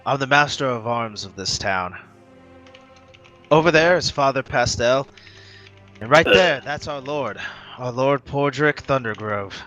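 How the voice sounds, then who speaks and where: A man's voice: medium pitch, expressive, unhurried, pauses often, pushed and bright, highs cut off, soft background music. A man voicing an older male town master of arms who speaks bluntly and matter-of-factly. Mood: stern.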